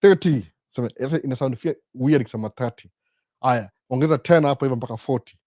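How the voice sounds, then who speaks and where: A man's voice: medium pitch, fast talker, no echo, clean studio sound. A man, hosting a live Q&A and asking himself rhetorical questions as he explains. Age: 40s. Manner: mixes English and Swahili, rhetorical questions, animated. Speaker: host. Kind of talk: live Q&A talk.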